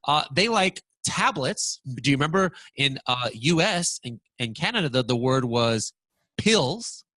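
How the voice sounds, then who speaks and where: A man presenting a software walkthrough lesson, talking excitedly and stammering when surprised. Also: mid-range voice, unhurried, no echo.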